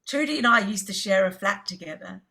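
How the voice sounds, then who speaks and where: A woman's voice: medium pitch, a little fast. A middle-aged woman from England, a jazz singer, telling stories in a casual interview and acting out the voices of people she quotes. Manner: animated storyteller who acts out quoted voices.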